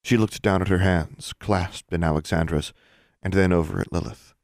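Male audiobook narrator, very low voice, dry close sound. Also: steady tone, normal speed, creaky, a little mellow, no room sound. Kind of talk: scripted narration.

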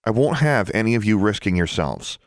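A blunt, stubborn teenage girl with a curt, sharp edge, spoken in a deep reader's lightly lifted voice, as a man reads her. The sound is close and dry, a plain storybook reading. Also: animated, brisk, no echo. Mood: stern.

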